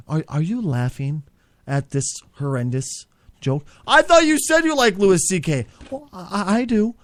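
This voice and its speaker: Male comedy host, high and very animated, bickering and cursing, leaps between squeaks and growls. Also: normal speed. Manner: flips between squeaky outbursts and low grumbling, swears a lot. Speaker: podcast host.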